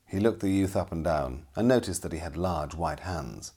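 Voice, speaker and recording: A man narrating a storybook with expressive, dramatic storytelling. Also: low-pitched, normal speed, hardly any pauses, husky.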